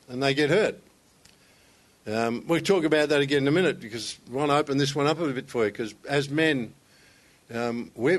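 A man's voice: mid-range voice, fairly bright tone. A man speaking to other men in a conversational sermon, telling stories with self-deprecating humor.

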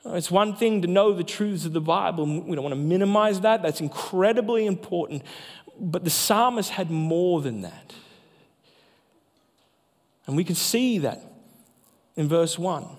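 A man, a pastor, preaching a sermon with emphatic delivery that slows down for key phrases. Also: on the high side, darkish tone. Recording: long hall reverb.

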